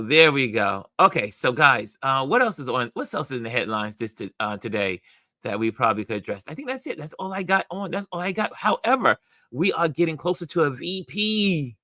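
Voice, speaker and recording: A man hosting a casual livestream, animated and emphatic, reacting to viewer comments and laughing often. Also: mid-range voice, no echo, clean studio sound. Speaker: livestream host.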